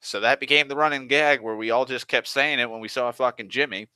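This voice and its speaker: An exasperated man rants his way through a work story, swearing constantly and restarting his sentences as he goes. His voice is bright and sharp. The recording is dry and close. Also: mid-range voice, steady tone, fairly quick, clean tone, dry recording. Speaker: online storyteller. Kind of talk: profane rambling rant.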